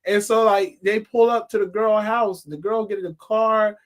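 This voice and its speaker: A man with a high-pitched voice talks through a casual film review. He rambles loosely, packing his sentences with fillers and laughing often as he goes. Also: steady tone, moderate pace. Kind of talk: casual spoken movie review.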